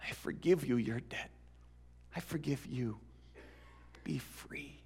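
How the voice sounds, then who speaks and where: A man's voice: mid-range voice, a little slow, a little mellow, slight background noise, close to an everyday voice. A man playing a giddy freed servant. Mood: insistent. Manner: breathless and effusive, repeating himself. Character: overjoyed freed male servant, giddy and earnest. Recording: reverberant hall.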